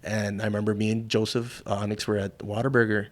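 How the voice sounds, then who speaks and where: Here a wrestler from South Texas, middle-aged, chats as an interview guest with a quick, low-leaning voice. Loose and profane, he tells stories with plenty of energy, slipping into impressions of the people involved.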